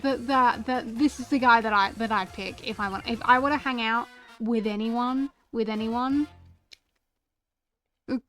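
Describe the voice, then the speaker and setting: Young woman streamer, slightly high voice, unhurried, gushing fan talk full of restarts, faint music behind. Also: fairly bright tone. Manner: gushing, stammering with many repeated words. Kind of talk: casual chat about a favorite anime.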